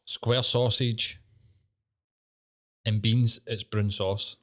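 A man's voice: lowish voice, extremely slow. Sweary Scottish man, casual banter. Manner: sweary, banter-heavy and animated. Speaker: podcast host. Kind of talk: casual chat.

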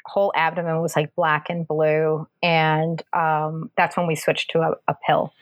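A woman casually telling a personal story, animated and acting out the voices of the people in it. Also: unhurried, no room sound. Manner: animated, acts out quoted voices with pitch jumps.

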